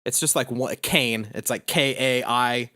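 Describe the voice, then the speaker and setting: A young man hosting a casual podcast chat, rambling loosely and swearing freely. His pitch sits in an ordinary middle male range. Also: steady tone, measured pace, sharp tone, smooth. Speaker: podcast host.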